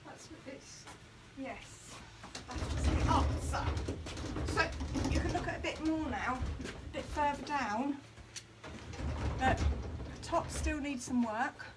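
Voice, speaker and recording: A woman born near Liverpool, England, chats and laughs while painting in a craft video, telling stories in an animated way. Her voice is high and slow with a roomy sound. She's in a hot indoor craft studio, recorded on a distant mic that picks up noticeable background noise.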